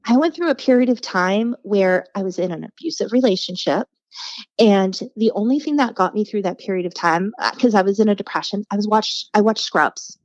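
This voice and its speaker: A woman's voice: medium pitch, brisk, dry recording, highs cut off. A woman telling stories as a podcast guest in casual chat, acting out the voices of people she quotes. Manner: animated storyteller, acts out quoted voices.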